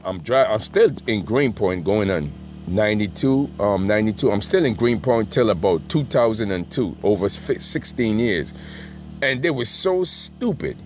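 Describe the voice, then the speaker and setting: A middle-aged man telling a rambling, profane story and often asking "right?". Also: on the low side. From Brooklyn, New York.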